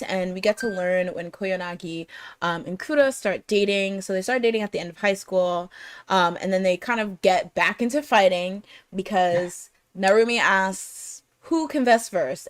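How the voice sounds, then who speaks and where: Brief: woman host, mid-pitched, chatty recap full of "um" and "like", very dry close mic. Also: no room sound. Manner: chatty, lots of fillers and laughter. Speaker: podcast host. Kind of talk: casual chat.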